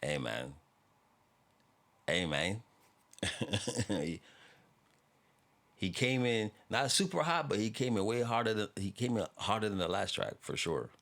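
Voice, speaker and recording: A man's voice: on the low side, sing-song, normal speed, creaky, fairly bright tone. A man hosting a music reaction video, talking in a laid-back, rambling way with frequent laughs and casual swearing.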